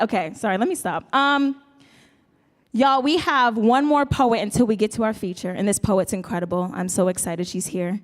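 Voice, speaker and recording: A woman's voice: mid-range voice, moderate pace, in a large hall. A woman hosting a live open mic, chatty and teasing, on a handheld stage mic. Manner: playful, chatty, teasing the crowd. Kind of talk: casual stage banter and introductions. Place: live indoor stage before an audience.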